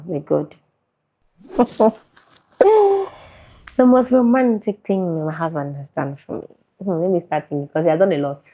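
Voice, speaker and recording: Chatty low-voiced Nigerian woman. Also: creaky, a little mellow. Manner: chatty, laughs often. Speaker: interviewee, content creator. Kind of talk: casual interview answers. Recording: muffled lo-fi recording.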